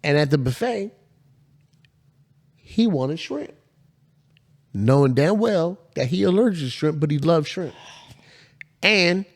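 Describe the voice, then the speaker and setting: Animated, profane man telling a story. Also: on the high side, takes it slowly, pauses often. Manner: animated, profane, laughs hard while telling stories. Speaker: podcast co-host. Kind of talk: casual storytelling chat.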